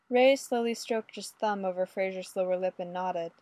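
Woman with a measured narrating voice. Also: medium pitch, a little mellow, dry recording. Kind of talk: audiobook reading of adult fiction.

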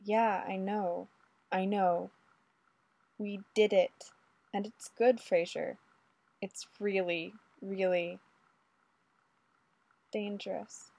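A woman's voice: medium pitch, fairly even intonation, very slow, pauses often, a little mellow, no echo. A woman reading a story aloud and voicing an adult male undercover cop who talks bluntly and casually, in a dry close recording. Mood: hushed.

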